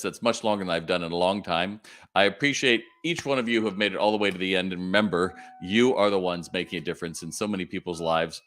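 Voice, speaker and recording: A middle-aged man hosts a live-streamed retail question-and-answer session. His voice sits somewhat low, but he speaks emphatically and keeps jumping up in pitch to voice quoted people or hammer home a point. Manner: animated and emphatic, jumps into a higher pitch to act out quotes and punch points.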